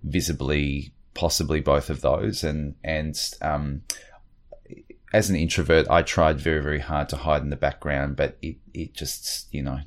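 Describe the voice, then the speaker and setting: A man's voice: rumbling low, fairly even intonation, normal speed. A middle-aged man talking in an interview, hesitant, with many fillers and restarts. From Australia. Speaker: guest. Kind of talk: reflective interview talk.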